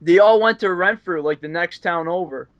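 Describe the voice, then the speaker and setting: In a casual storytelling chat, a man being interviewed rambles on with lots of fillers and frequent laughs. His voice sits high and a bit bright, at a normal speed. It's a dull, dry recording.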